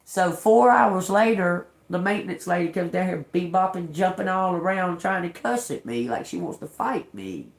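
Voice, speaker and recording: There's hardly a pause as this middle-aged woman on a livestream tells an angry personal story full of profanity. Her voice is on the low side and expressive, moving at a normal speed, and the room echoes noticeably.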